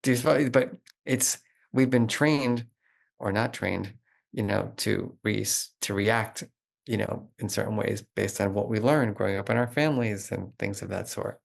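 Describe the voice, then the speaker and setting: A middle-aged man talking as a guest expert in an interview, animated and explanatory, with lots of "like" fillers. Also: fairly low pitch, moderate pace, vocal fry. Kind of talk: conversational interview.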